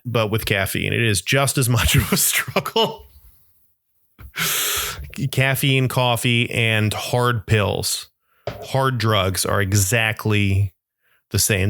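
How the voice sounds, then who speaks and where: A man's voice: medium pitch, fairly bright tone, no room sound, clean studio sound. A young adult man hosting a podcast, telling rambling, self-mocking comic stories in a monologue. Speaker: podcast host.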